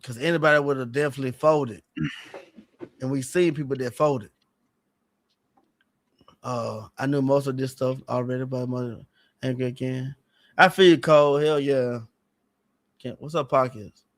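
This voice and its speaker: A man's voice: medium pitch, steady tone, normal speed, pauses often. A man talking casually on a livestream, rambling and repeating himself in an earnest, aggrieved way. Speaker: streamer guest.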